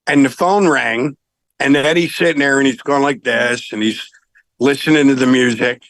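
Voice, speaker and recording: Middle-aged man, rock singer, medium pitch, dry close sound, animated storytelling, chuckling. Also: moderate pace, no room sound, rough recording. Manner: animated, laughs while telling anecdotes. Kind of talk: casual storytelling interview.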